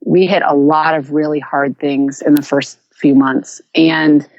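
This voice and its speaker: A woman guest telling a personal story in an earnest, reflective way, often pausing and restarting. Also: low-pitched, little pitch movement, darkish tone, no echo, dull audio. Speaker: podcast guest.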